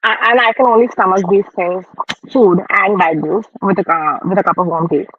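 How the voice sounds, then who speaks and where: A man's voice: high-pitched, fairly even intonation, moderate pace, husky, highs cut off. A man hosting a casual livestream, talking frankly and chattily while snacking, a bit self-deprecating. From India. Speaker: livestream host. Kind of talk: casual live-stream commentary.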